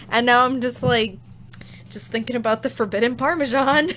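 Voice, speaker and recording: A woman's voice: high voice, lively intonation, slow, pauses often, bright, forceful tone, slight background noise. Giggly, crude woman streamer. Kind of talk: casual gameplay chat.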